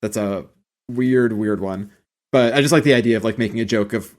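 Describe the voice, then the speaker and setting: A man of average pitch co-hosting a podcast in a loose, rambling way. He swears freely and laughs a lot as he talks. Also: brisk. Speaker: podcast co-host. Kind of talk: casual chat about a TV show.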